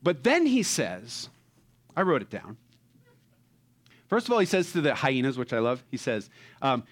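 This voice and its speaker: Animated preacher, man. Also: medium pitch, normal speed, long pauses. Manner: animated, acts out movie characters, swings from loud to hushed. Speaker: pastor. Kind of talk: sermon.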